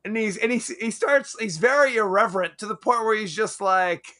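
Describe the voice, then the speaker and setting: A man's voice: high voice, fairly quick. A man co-hosting a podcast, chatting casually about a movie, laughing often and acting out lines of dialogue. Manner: animated, laughs often, acts out quotes. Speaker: podcast co-host. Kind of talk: casual movie review chat.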